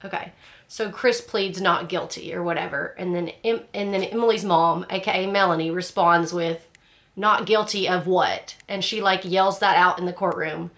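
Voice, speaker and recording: A woman's voice: lowish voice, steady tone, moderate pace, a bit bright. A woman chatting casually about a book, rambling with lots of fillers and restarts in a frank, chatty way. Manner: frank and chatty, laughs at the story. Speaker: book club host.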